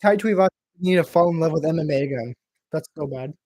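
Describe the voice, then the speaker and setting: A man's voice: on the high side, quick pace, mellow, dry recording, studio quality. A man hosting a live watch party, riffing with crude, profane, mocking banter as casual reaction commentary.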